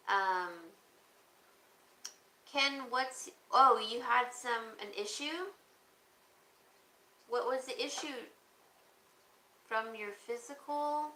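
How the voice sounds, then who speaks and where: A woman's voice: high voice, takes it slowly, pauses often, sharp tone. A woman hosting a livestream auction, chatting casually and rambling while she answers viewer comments. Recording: echoey room with faint background noise.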